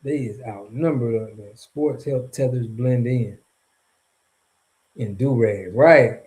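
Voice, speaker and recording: A man's voice: mid-range voice, takes it slowly, darkish tone. A man from Florida giving casual, rambling commentary in a vlog, heavy on slang and chuckling between points. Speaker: vlogger.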